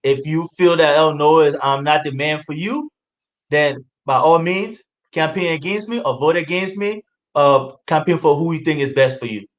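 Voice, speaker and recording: A man running for president answering interview questions in a halting way, with many pauses and fillers. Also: a little high, highs cut off. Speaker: presidential candidate.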